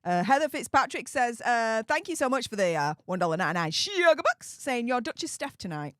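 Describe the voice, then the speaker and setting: A woman's voice: fairly high pitch, sing-song, brisk, fairly bright tone, no room sound, clean studio sound. A woman hosting a casual live stream, reading chat messages and answering them bluntly, with frequent laughs and fillers. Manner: chatty and blunt, laughs often, many fillers.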